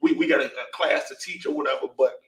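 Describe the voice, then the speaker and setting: A man's voice: medium pitch, fast talker. A man in a Bible class discussion, rambling with restarts and often asking "you know what I'm saying". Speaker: class member reading scripture. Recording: distant, echoey room.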